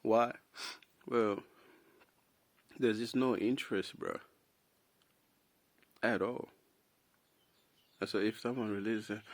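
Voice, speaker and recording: A young man from South Sudan talks off the cuff in a loose, rambling monologue, peppered with "bro" and restarts. His voice sits on the lower side. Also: steady tone, slow, long pauses. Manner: casual, rambling, says "bro" a lot. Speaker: vlogger. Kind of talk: unscripted opinion monologue.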